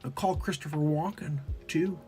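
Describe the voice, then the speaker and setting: A man doing an impression of an excitable male celebrity, breathy and half-whispered in amazement. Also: on the high side, moderate pace, faint music behind, voice pushed up, natural voice. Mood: amazed.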